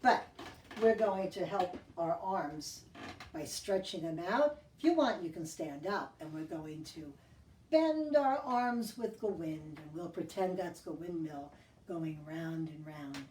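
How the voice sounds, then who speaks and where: A woman leading a children's sing-along and story time, speaking gently in a sing-song way to young kids. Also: fairly low pitch, lively intonation, takes it slowly, a little hiss or hum. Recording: echoey room, mic at a distance, guitar.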